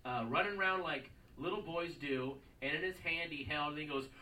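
A man's voice: on the high side, normal speed, pushed and bright. A man doing a stand-up comedy routine, profane and mocking, acting out song lyrics and characters on stage. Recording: live room echo, distant mic, audience laughing. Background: audience laughter.

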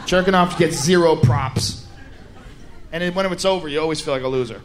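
Animated stand-up comedian man, high voice. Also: brisk, some chatter behind, a little hiss or hum. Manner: loud, animated, shouting bits.

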